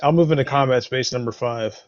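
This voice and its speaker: A man's voice: mid-range voice, fairly quick, no echo, lo-fi sound. A man playing a tabletop game, eagerly describing his character's actions in dramatic terms. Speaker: player.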